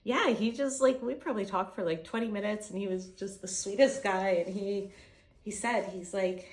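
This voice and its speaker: In a chatty travel vlog, a young woman from Canada tells a story at normal speed with a medium-pitched voice. She swears freely and retells the dialogue with lively impressions of the people involved.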